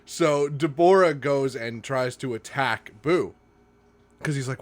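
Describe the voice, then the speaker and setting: A man's voice: mid-range voice, takes it slowly, dry recording. A young man co-hosting a podcast, retelling an anime in casual chat, laughing often and swearing freely. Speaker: podcast co-host.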